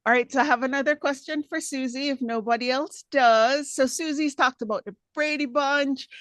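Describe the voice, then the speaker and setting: Female moderator; brisk, direct, a touch high, dry close mic. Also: a bit bright, no room sound. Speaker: club meeting moderator. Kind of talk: hosting Q&A on a video call.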